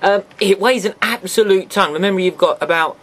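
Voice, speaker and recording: A man's voice: sits high, brisk, fairly bright tone. A man chatting casually as he reviews a toy for his viewers, full of sarcastic asides.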